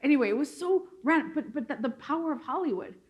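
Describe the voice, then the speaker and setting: A woman from Mexico chats on a panel in an animated, laughing way. She restarts her sentences often and fills the gaps with ums and likes. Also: high-pitched, fast talker. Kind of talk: casual panel discussion.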